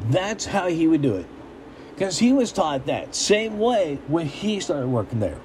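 A young man talks in a blunt, emphatic, repetitive rant, his voice sitting a little high for a man. He speaks casually as a commentator, and a faint hum of a vehicle runs underneath. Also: very animated, unhurried, a little mellow, rough recording. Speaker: political commentator. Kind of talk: casual ranting monologue.

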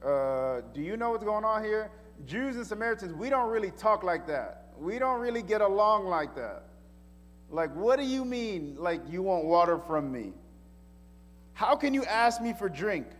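A man's voice: high-pitched, sing-song, moderate pace, voice pushed down. A man voicing a blunt, ashamed Samaritan woman at a well, retorting in casual slang. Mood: indignant. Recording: echoey hall reverb.

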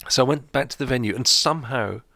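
A man hosting a radio show, casually chatting with a co-host and telling a relaxed story with chuckles. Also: medium pitch, fast, gravelly, dry recording.

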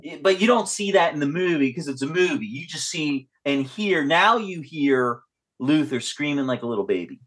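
Man, podcast host, casual film talk, acts out scenes, fairly high voice. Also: moderate pace. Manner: animated, acts out lines from the film.

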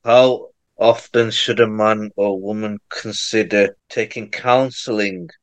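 Male interviewer, low smooth voice, very slow and deliberate. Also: steady tone, music in the background. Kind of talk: interview questions.

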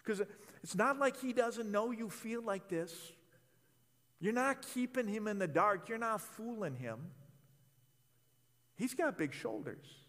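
A man's voice: high voice, animated, slow, long pauses, a bit bright, big-room sound. A man preaching a sermon in an impassioned, conversational way, often repeating words as he speaks. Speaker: pastor.

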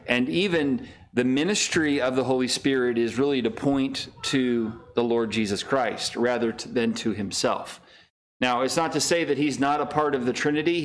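A middle-aged man teaching a Bible study as a pastor, talking casually with many ums, uhs and restarts. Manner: reads scripture in raised, higher voice.

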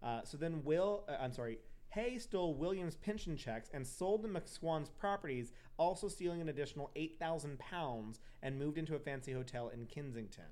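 A man's voice: fairly high pitch, lively intonation, normal speed, hardly any pauses, a little mellow. A young man hosting a podcast, telling a true crime story casually, with profane asides and self-corrections. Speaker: podcast host.

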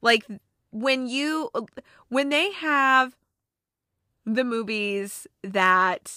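A woman's voice: on the high side, extremely slow, pushed and bright, no room sound, studio quality. A woman reviewing holiday movies in a casual, gushing, emotional chat, with lots of fillers.

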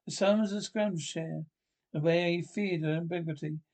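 Man reading as a boastful excitable squire, storybook voice, gravelly, higher pitched. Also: moderate pace, lightly acted. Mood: gloating.

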